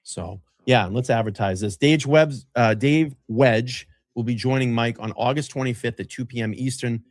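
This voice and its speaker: A man chatting on a podcast, heckling and swearing freely in an animated way. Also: mid-range voice, normal speed, hardly any pauses, dry recording, studio quality. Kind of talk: casual podcast chat.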